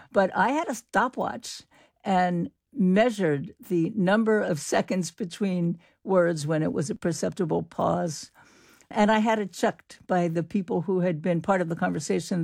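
An older woman explaining her research in an interview, in an animated, explanatory way. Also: fairly low pitch, unhurried, vocal fry, breathy edge, dry recording, clean studio sound. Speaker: linguist guest. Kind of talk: interview answers.

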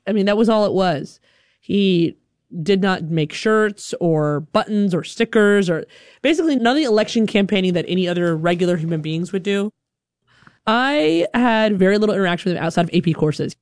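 A woman from Alabama telling a personal story in a lively, chatty way, full of "like". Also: mid-range voice, moderate pace, dry recording, clean studio sound.

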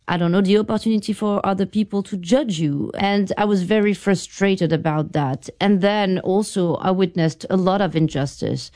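Woman, middle-aged, smooth resonant voice, reflective interview guest. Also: on the low side, darkish tone. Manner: thoughtful, halting, with restarts.

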